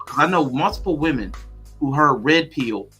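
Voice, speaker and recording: A man's voice: a little high, lively intonation, normal speed, pushed and bright, breathy edge, soft background music. A man hosting a livestreamed talk show, greeting viewers and posing thoughtful questions in casual chat. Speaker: podcast host.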